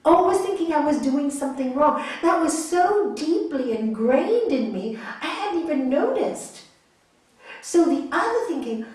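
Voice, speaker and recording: Woman, yoga teacher, spiritual talk, slightly high voice, very echoey hall, distant mic. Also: lively intonation, moderate pace, a little mellow. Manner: emphatic, repeats phrases, checks in with "hmm?". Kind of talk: spiritual talk answering audience questions. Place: large hall.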